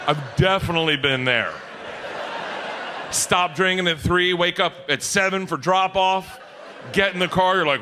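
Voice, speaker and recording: A middle-aged man doing stand-up comedy, telling loud, animated stories on a live stage as the audience laughs. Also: high voice, a little slow. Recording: live venue with loud crowd noise.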